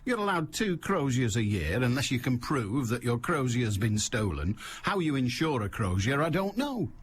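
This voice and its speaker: A man hosts a call-in radio show, rambling through a comic monologue with a wry, jokey edge. His pitch is very lively, leaping high for emphasis and dropping low for asides. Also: normal speed, breathy edge.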